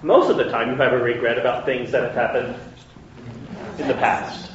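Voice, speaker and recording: With a medium-pitched voice, fairly even intonation, and a moderate pace, a man teaches a conversational Bible study, asking questions and often checking that listeners follow. The audio has a little hiss or hum, an echoey room, and a distant, dull mic.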